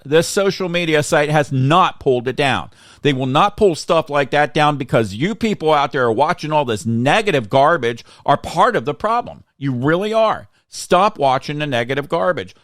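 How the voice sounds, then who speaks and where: A man's voice: a little high, a bit bright, no room sound, clean studio sound. A man from Florida hosting a casual political talk show, ranting heatedly and repeating himself. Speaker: show host.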